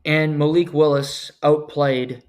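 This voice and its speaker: A man's voice: a little high, level tone, takes it slowly, darkish tone. A man hosting a solo sports podcast, talking bluntly and sarcastically, ranting with sudden emphatic jumps. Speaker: podcast host.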